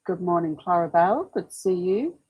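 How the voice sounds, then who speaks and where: Woman, livestream host, casual rambling chat, somewhat low voice. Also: expressive, brisk, breathy edge, highs cut off. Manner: chatty, rambling, apologetic asides. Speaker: livestream host commenting on a trial.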